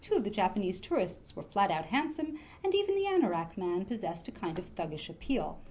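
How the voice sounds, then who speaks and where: A woman reading a comic novel aloud in a lively, expressive way. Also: mid-range voice, a little fast, slight background noise. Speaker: reader.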